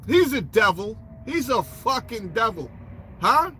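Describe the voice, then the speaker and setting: A man's voice: very high-pitched, big pitch swings, unhurried, sharp tone, slight background noise. A man ranting in casual commentary, profane and sarcastic, full of street slang, rambling with restarts and asides. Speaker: political commentator.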